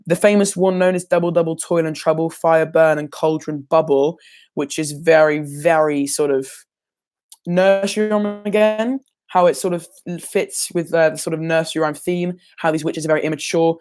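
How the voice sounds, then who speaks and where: A teenage boy with a slightly high, somewhat mellow voice revises for an exam on a casual livestream. He rambles and hesitates, filling his talk with ums and correcting himself as he shares his revision.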